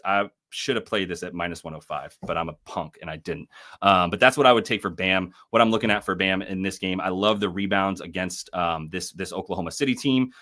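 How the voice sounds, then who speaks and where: Low-voiced man riffing on bets. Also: pushed and bright. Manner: loose, profane, rambling with many fillers. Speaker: sports betting show host. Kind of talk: casual live-stream commentary.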